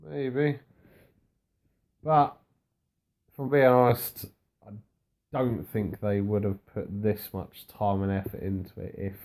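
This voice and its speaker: A man's voice: on the low side, darkish tone. A man co-hosting a casual wrestling recap, laid-back and dry, rambling through the show's events. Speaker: podcast co-host.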